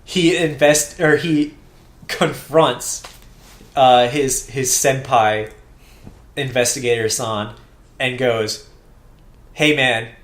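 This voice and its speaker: A man's voice: mid-range voice, steady tone, slow, long pauses. Rambling man in an echoey room. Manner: rambling, restarts often, acts out quotes. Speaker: podcast co-host. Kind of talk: casual recap chat.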